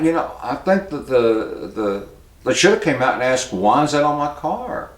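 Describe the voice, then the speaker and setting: A man's voice: medium pitch, sing-song. Plainspoken man in an echoey room. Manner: plainspoken and halting, cues a producer for pictures. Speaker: host of a local news commentary show. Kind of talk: casual spoken commentary.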